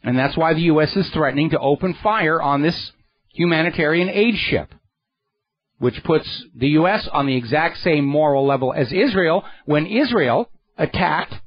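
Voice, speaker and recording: His voice on the high side, the radio host sarcastically and indignantly holds forth on politics into the studio mic. There's no echo, and the recording has a dry, slightly dull studio quality.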